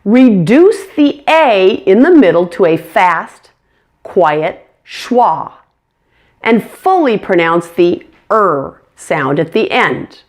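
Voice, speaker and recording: A woman's voice: medium pitch, sing-song, slow pace. A woman teaching English pronunciation, speaking carefully and demonstrating each sound. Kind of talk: pronunciation lesson.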